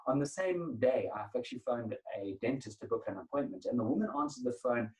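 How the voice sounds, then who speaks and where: A man presenting an etiquette webinar over a video call, emphatic and energetic. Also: mid-range voice, brisk, distant mic, poor audio. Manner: emphatic, energetic, acts out phone calls. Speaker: etiquette trainer.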